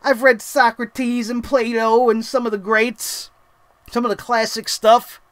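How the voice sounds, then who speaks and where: A young man with a high, smooth voice hosts a wrestling recap show. He talks in a casual, animated way, swearing freely and laughing at his own asides. The sound is dry and close. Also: a little slow, dry recording.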